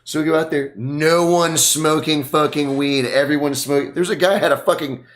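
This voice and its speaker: A man's voice: fairly high pitch, fairly even intonation, moderate pace, slight background noise. A man hosting a podcast, telling long rambling stories full of swearing in casual chat. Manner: profane, rambling storyteller. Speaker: podcast host.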